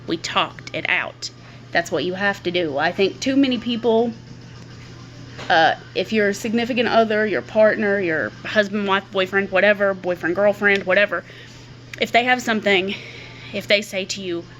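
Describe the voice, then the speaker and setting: A woman's voice: mid-range voice, normal speed, a bit bright. A middle-aged woman speaking candidly to camera in a personal vlog, often repeating words as she thinks aloud. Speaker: vlogger.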